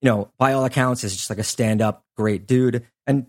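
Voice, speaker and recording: A man's voice: mid-range voice, fairly even intonation, moderate pace. A man hosting a podcast, telling a true-crime story in a casual, conversational way with frequent asides. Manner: conversational, chatty, lots of "like" and "you know" asides. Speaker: podcast host.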